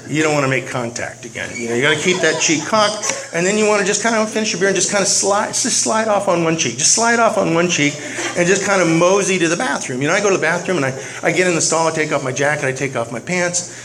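A man sharing his recovery story with self-mocking humor, animated and full of repeated words and restarts. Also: a little high, fast, rough recording.

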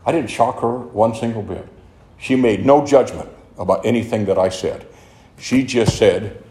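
An older man tells his own story at a recovery meeting in a club meeting room, earnest and meandering. His mellow voice is on the low side at a normal speed, captured in an echoey space with faint noise.

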